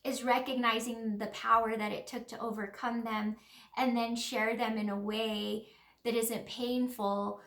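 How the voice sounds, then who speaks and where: Earnest, rambling woman healer with a bright, tense voice, recorded in a roomy space. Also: a little high, gravelly. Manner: rambling, earnest, many fillers. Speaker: spiritual healer. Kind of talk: casual reflective monologue. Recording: roomy echo.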